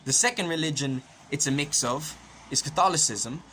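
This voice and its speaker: A man's voice: on the high side, normal speed, sharp tone, a little hiss or hum. An Irish man giving a rambling, profane, conspiratorial comedic monologue and punctuating it with constant "right?" asides. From Ireland. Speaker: podcast host.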